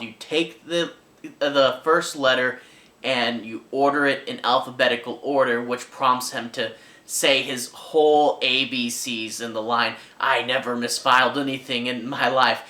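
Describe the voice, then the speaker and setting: Male film reviewer with a bright, forward voice in an echoey room, chatty delivery, filler words, midrange pitch. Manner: conversational, frequent ums and restarts. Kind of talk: casual film review talk.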